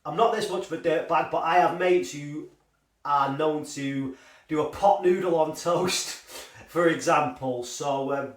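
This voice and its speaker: A man's voice: fairly high pitch, a little slow, distant mic. A man casually reviewing a frozen pie, rambling and swearing with self-mocking humour. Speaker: food reviewer. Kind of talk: casual food review vlog. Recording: echoey room, voice off mic.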